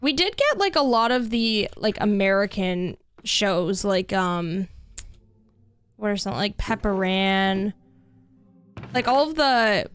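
A woman's voice: medium pitch, smooth, no echo. A young woman with a Canadian accent, chatting casually to her viewers while she plays, rambling with lots of fillers. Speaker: streamer. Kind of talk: casual live-stream chat while gaming. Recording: faint music behind the voice.

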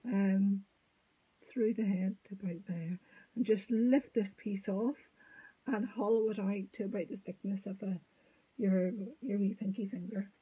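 A woman giving a step-by-step sculpting tutorial, thinking aloud as she works, halting and often dropping to a murmur. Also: medium pitch, steady tone, dark tone, slightly rough, poor audio. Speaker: sculpting teacher.

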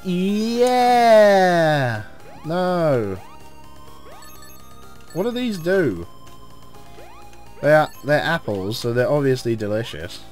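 An English man giving casual, rambling commentary while playing a video game, cursing at enemies and shouting when things go wrong. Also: medium pitch, slow pace, long pauses, faint music behind. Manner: excitable, swears at enemies, rambling asides. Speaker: let's play host.

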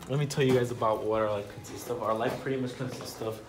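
A man's voice: medium pitch, steady tone, fast talker. A teenage boy holds his phone and vlogs casually from a clothing store. He rambles, trips over his words and laughs a lot. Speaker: vlog host. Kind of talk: casual chat.

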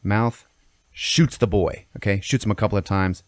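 A man with a very low voice tells a story on a podcast in a casual, profane way. He keeps stopping to check in with "okay?" and "all right?". The sound is dry and close. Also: steady tone, moderate pace, dry recording. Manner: swears constantly, checks in with "okay?". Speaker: podcast host telling a story. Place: podcast studio.

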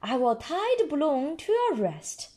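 A woman's voice: high voice, very animated, a little slow, dark tone, pitched above the performer's own voice. A woman voicing a cheerful father pig with a helpful idea.

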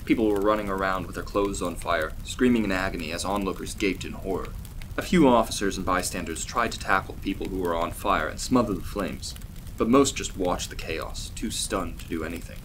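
A man reading a fictional story aloud as a steady, even narrator. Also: low voice, a little fast, a little hiss or hum.

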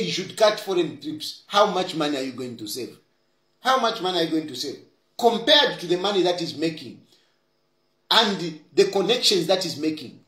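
A man with a Zambian accent delivers argumentative political commentary packed with rhetorical questions, switching between English and Bemba. His voice is high-pitched and a bit bright, with a reverberant sound.

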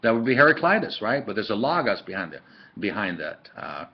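A man's voice: fairly low pitch, very animated, brisk. A man teaching a philosophy lesson in a casual lecture style, full of fillers and storytelling asides, recorded on a webcam. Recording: dull lo-fi webcam audio.

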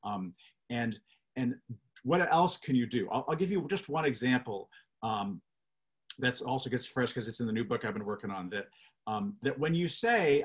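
A man talks through a point on an online panel, his voice sitting in an ordinary middle register. He explains with animated emphasis and keeps checking in with the listeners. The sound comes through a video call. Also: mid-range voice, normal speed. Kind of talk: webinar panel discussion.

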